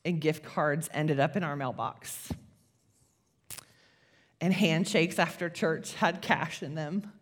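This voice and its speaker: A woman pastor, preaching a sermon in a conversational, animated storytelling way. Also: low-pitched, takes it slowly, pauses often.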